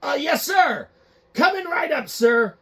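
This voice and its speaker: A jittery office underling, played by a man, stammering with deference in a strained voice pitched high above the performer's own. The sound is gravelly and rough at the edges. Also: expressive, takes it slowly, pushed and bright, full character voice. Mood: nervous.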